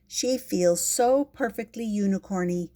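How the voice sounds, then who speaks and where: Slow, gentle older woman reading aloud. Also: mid-range voice. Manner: gentle, unhurried. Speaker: storyteller. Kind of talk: reading a picture book aloud.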